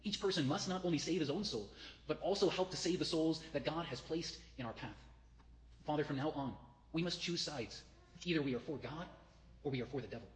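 A man's voice: fairly high pitch, fairly quick. A man preaching a fervent sermon as a priest, reading quotations aloud to the congregation. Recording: long hall reverb.

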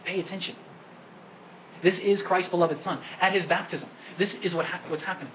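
A man's voice: high-pitched, moderate pace, a bit bright, a little hiss or hum, poor audio. A man preaching a sermon at Mass as the priest, asking the congregation questions and coaxing them to answer. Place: church during Mass.

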